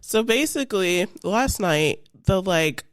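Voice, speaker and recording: A woman co-hosting a podcast, telling a funny family story in a casual, animated way and laughing as she goes. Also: mid-range voice, slow, no room sound, studio quality. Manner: animated, laughing, acts out family members' voices. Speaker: podcast co-host.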